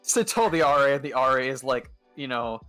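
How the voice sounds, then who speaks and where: A man's voice: medium pitch, expressive, fairly quick, bright, forceful tone, smooth. A young man with a mid-range voice chats casually on a stream, telling stories with lots of fillers and restarts. Faint music plays underneath him the whole time. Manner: rambling anecdotes with many fillers. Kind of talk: casual chat.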